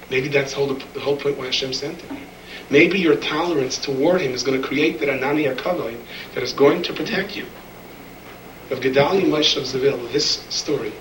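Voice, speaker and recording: A man's voice: a little high, far from the mic, a little hiss or hum. A man preaching a sermon and telling stories, acting out the voices of the people in them. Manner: animated storyteller, acts out voices in quotes. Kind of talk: sermon storytelling. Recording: echoey room, speaker away from the mic.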